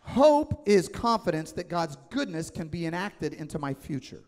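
A man's voice: a little high, very animated, moderate pace, a little mellow. Male pastor preaching in a reverberant hall. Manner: emphatic, conversational, asks the congregation questions. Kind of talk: sermon. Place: church sanctuary. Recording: long church hall reverb.

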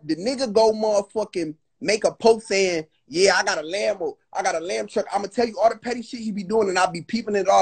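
A young man on a livestream phone call, telling a heated story. He is agitated and profane and keeps stumbling into restarts. His voice sits high and sounds husky. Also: a little mellow. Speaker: guest on a livestream. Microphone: phone on a live video call.

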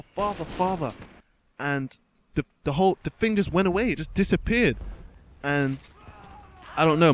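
A young male gaming commentator tells a story in a loose, rambling way, restarting his sentences and addressing his viewers as guys. His voice sits a bit higher than most men's. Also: a little hiss or hum. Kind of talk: casual storytelling over gameplay.

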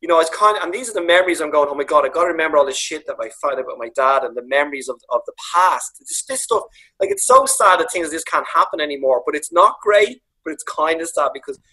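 A Dublin man on a video call, telling lively anecdotes about his late father, acting out voices and swearing freely. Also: fairly high pitch, fast, slightly rough, poor audio. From Ireland. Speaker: comedian guest. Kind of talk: casual storytelling on a video call.

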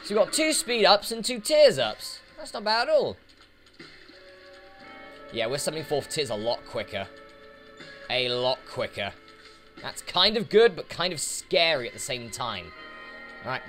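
A man's voice: mid-range voice, bright, forceful tone. A man giving casual let's play commentary, chatting to the enemies on screen as he plays, with game music behind him. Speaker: gaming YouTuber.

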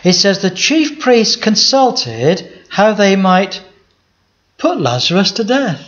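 Pastor preaching, lo-fi recording. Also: male voice, high voice, very animated, takes it slowly, fairly bright tone. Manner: conversational preaching with rhetorical questions to the audience. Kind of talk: sermon. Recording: dull lo-fi sound.

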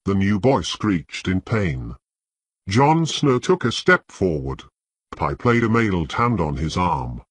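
A man reading an audiobook in measured, scripted narration with a husky voice. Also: low-pitched, very animated, no echo.

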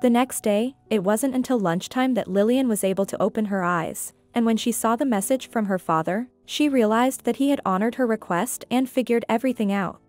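A woman reading a drama story aloud as its narrator, keeping an even, steady delivery. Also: a little high, fairly quick, few pauses, faint music behind.

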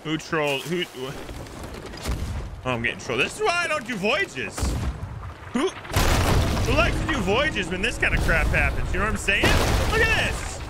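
Excitable male streamer, high, lively voice, yells at the game over loud sea and boat sounds. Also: normal speed, long pauses, heavy background noise. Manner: excitable, yelps and shouts at the game. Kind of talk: live gameplay commentary.

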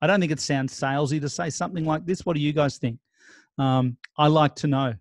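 In this casual sales training, a man with a slightly high voice talks briskly and with fairly even intonation, and there's no room sound. He works through real estate client scripts conversationally, acting them out and restarting frequently.

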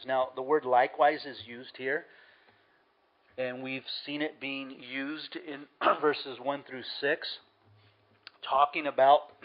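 A man's voice: mid-range voice, highs cut off. A man preaching a sermon as pastor, earnest and emphatic, repeating key words for stress.

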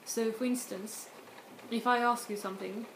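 A woman from Sweden, giving a casual video language lesson and explaining slowly with frequent restarts and spoken examples. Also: on the high side, steady tone, fairly bright tone. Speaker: language tutor. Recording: echoey room with faint noise.

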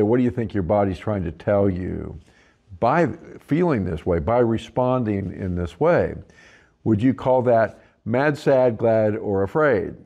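A man's voice: fairly low pitch, gravelly, mellow. A man giving an instructional talk to facilitators, sometimes acting out what clients say in a livelier voice. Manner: acts out client quotes in a livelier voice. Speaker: trainer for facilitators.

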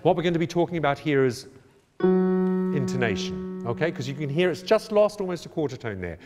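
A man directing a choir rehearsal, brisk and encouraging, with jokey asides, and he sings out phrases to demonstrate. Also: fairly high pitch, sing-song, loud music behind the voice. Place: church or large hall. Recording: long hall reverb.

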